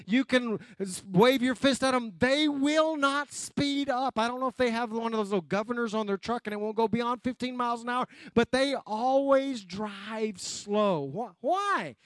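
Folksy pastor, high voice. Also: male voice, lively intonation, normal speed, hardly any pauses, no echo. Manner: folksy storytelling, frequent restarts and asides to the congregation. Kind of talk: sermon.

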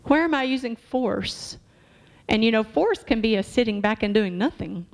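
A woman's voice: on the high side, lively intonation, normal speed, gravelly. Conversational woman preacher. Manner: conversational, asks the congregation questions. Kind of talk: sermon. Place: church.

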